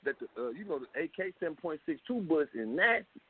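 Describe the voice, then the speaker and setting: A man guest telling his story in an animated way, full of street slang and swearing, heard on a tinny phone line. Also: fairly high pitch, fast talker, breathy edge. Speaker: rapper guest. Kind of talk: phone interview.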